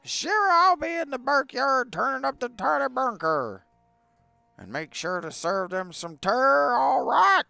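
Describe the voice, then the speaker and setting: A man voicing a gruff, cranky old rocket captain who shouts and mumbles his words as if around a cigar. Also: extremely high pitch, very animated, measured pace, no room sound, soft background music, pitched above the performer's own voice, exaggerated voice. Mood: bossy. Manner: loud, bossy, cursing.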